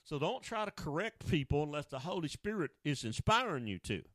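A man's voice: fairly high pitch, very animated, brisk, a bit bright, no room sound. A male pastor preaching a down-home radio sermon, telling stories in casual, colloquial speech. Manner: down-home storytelling, colloquial grammar.

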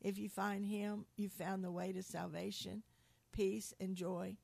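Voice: medium pitch, flat delivery, a little slow, creaky, darkish tone, dry recording. An earnest preacher in an informal sermon, quoting scripture and often repeating and restarting words.

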